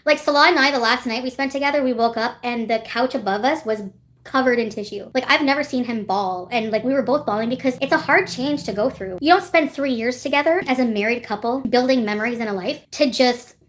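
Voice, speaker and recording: A woman's voice: a little high, fairly quick, a bit bright, slight background noise. A woman vlogger chatting casually on a livestream, rambling, swearing freely and laughing often as she answers her chat. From Canada.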